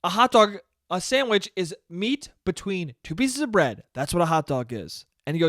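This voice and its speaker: A young man delivering a solo comedy podcast rant that is animated and profane, slipping into acted-out snippets of dialogue. His voice sits a bit high for a man. The sound is dry and close, with no room echo. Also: brisk. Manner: ranting, animated, profane, acts out quoted dialogue. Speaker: podcast host.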